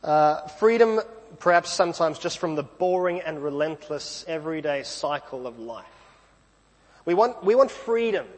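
Male preacher, high-pitched, casual conversational sermon, echoey hall. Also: lively intonation, moderate pace. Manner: conversational, self-deprecating asides. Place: church.

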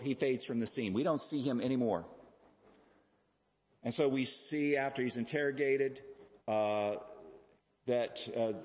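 Male pastor, explanatory sermon, halting, echoey hall. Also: medium pitch. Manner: explanatory, halting with fillers and repeats.

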